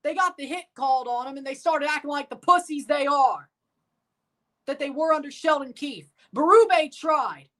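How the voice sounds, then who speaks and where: High-voiced woman ranting profanely. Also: lively intonation, moderate pace. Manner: sarcastic, bursts into shouting. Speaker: sports watchalong streamer. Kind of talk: live sports reaction rant.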